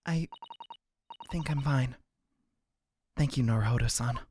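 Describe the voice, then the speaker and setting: A man voicing a polite, proper young female assistant in a game, speaking softly and formally. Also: medium pitch, a little slow, slight background noise, lightly acted. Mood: flustered. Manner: soft, polite, formal speech.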